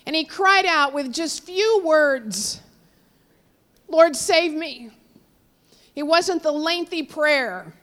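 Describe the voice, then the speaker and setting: A woman preaching a sermon, telling a story with sudden swings between raised cries and hushed, low passages. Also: expressive, slow, hardly any pauses. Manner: storytelling, dramatic swings from loud cries to hushed near-whispers; quotes figures in raised voices, drops low and soft on God.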